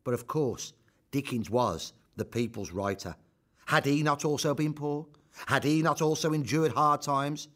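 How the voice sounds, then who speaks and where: A man narrating a scripted historical account, measured, with rhetorical questions. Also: on the high side, a bit bright.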